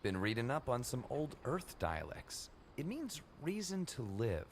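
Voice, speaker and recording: A man playing a devoted, steady male warrior hero in a fan audio drama, acting scenes and narrating calmly. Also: medium pitch, unhurried, slight background noise. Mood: tender.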